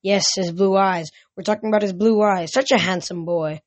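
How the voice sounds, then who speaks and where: A woman's voice: mid-range voice, steady tone, moderate pace, no echo, natural voice. A woman voicing a frail, confused old mother who talks sweetly and dreamily while reading a novel aloud. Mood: dotty.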